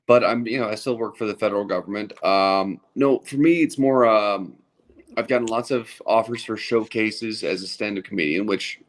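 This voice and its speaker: A man in his thirties, a stand-up comedian, chatting casually as a guest with lots of fillers and restarts and a dry, self-deprecating humor. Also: fairly low pitch. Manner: halting, many fillers and restarts. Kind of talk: casual podcast chat.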